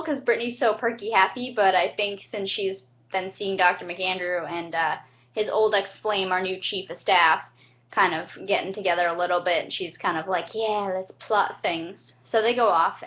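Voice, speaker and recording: Bubbly young woman recapping a show. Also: moderate pace. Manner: chatty, bubbly, acts out characters' lines with big jumps in pitch. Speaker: TV recap vlogger. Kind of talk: casual TV episode recap. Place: home, indoors. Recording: dull lo-fi home webcam audio.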